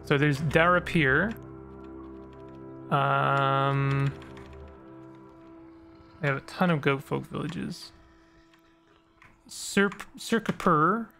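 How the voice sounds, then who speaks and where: A man's voice: on the high side, extremely slow, vocal fry, long pauses, sharp tone, soft background music. A man hosting a let's play, giving casual game commentary in a rambling way and stumbling over odd names.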